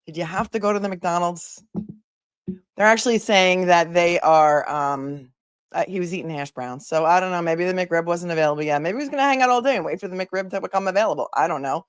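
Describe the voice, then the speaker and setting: A woman's voice: fairly low pitch, clean tone, no room sound, studio quality. A woman attorney hosting a casual livestream, chatty and joking as she talks straight to her viewers.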